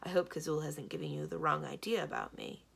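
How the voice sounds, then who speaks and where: A confident, decisive young princess who takes charge, as a woman reads her. The voice is low-pitched and slightly husky, with a lively rise and fall. It sounds like a storybook read aloud. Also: fairly quick, exaggerated voice. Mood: brisk, confident.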